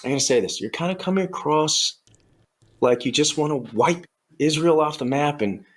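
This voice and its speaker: A man's voice: on the high side, normal speed, lightly acted. A man playing Satan as a scheming, sly male devil who coaxes and mocks in a comedy sketch. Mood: sly coaxing. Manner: sly, coaxing, mocking.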